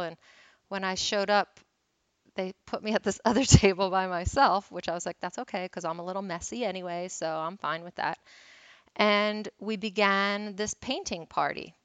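Woman, wellness host, candid self-deprecating story, resonant voice, mid pitch. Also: fairly bright tone, clean tone, dry recording. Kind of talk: personal storytelling talk.

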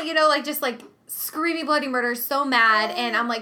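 Bright-voiced woman telling an animated story. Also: high-pitched, brisk, few pauses. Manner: animated storytelling, acting out quotes with lots of "like". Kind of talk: casual chat.

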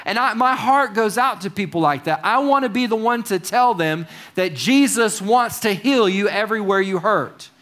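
A man's voice: high voice, normal speed, hardly any pauses, a bit bright. A man preaching a conversational sermon in a church service, asking his congregation questions and dropping wry asides.

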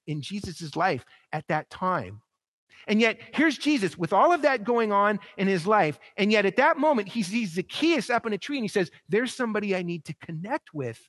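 Man preaching with rising, emphatic peaks. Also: dry recording. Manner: rising to emphatic peaks, then dropping soft and low; repeats phrases for rhetorical effect. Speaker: pastor. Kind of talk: sermon.

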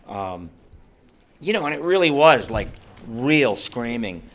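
Casting: lively male voice actor, bright and forward, tells stories with voices. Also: medium pitch, slow. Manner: animated, acts out voices and screams. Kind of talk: interview storytelling.

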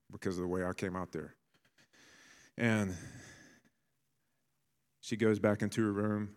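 A man in his thirties preaching a sermon as a pastor, telling family stories and building to bursts of excitement. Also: fairly low pitch, big-room sound.

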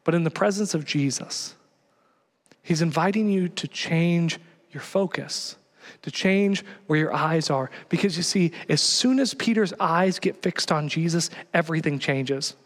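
A male pastor preaching passionately, swinging from hushed lines to loud exhortation. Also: a little high, measured pace. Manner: passionate, builds to shouting exhortations. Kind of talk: sermon. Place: church. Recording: long reverb of a church hall.

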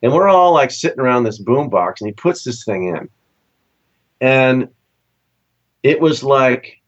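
A lively man from Southern California spins stories as an interview guest, his pitch jumping high whenever he acts out what people said. The audio is dull and lo-fi. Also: unhurried. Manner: animated storyteller, acts out quoted voices with big pitch jumps. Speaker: session musician guest. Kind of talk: casual storytelling interview.

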